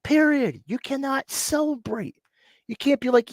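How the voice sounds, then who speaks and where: Sick with a cough, a man hosts a live sports stream in a very high voice, keeping a measured pace. He's animated and mocking, ranting casually at rival teams and imitating players, with no room sound in the recording.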